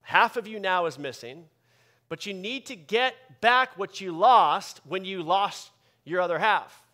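A man pastor delivering a sermon with emphatic preaching that swings from loud bursts to quiet asides. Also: high-pitched, lively intonation, unhurried.

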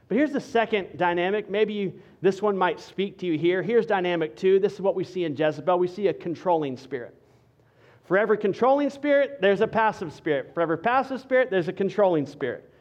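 Delivering a sermon, this high-pitched male pastor uses emphatic, repetitive rhetoric and goes quiet to stress key points.

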